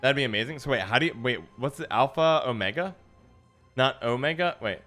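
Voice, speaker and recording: A man's voice: mid-range voice, expressive, brisk, sharp tone. Guy streaming a card game, chatting with chat, kinda rambly, faint music in the back. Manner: chatty, musing, self-deprecating. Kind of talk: casual livestream chat while gaming.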